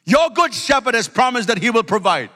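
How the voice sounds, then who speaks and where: High bright preaching man, hall reverb. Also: sing-song, fairly quick. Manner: emphatic preaching with hallelujahs and call-outs. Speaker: pastor. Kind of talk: sermon. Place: church sanctuary.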